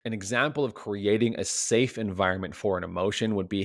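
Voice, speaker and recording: A man's voice: on the low side, brisk, no room sound, clean studio sound. A man as a relationship coach, giving a reflective solo podcast talk full of rhetorical questions, often tagged with "right?".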